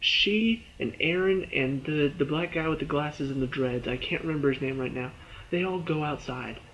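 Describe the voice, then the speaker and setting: A man giving a casual spoken review of a TV episode. He retells the scenes in an excited rush, with lots of fillers. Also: a little high, moderate pace, dull audio.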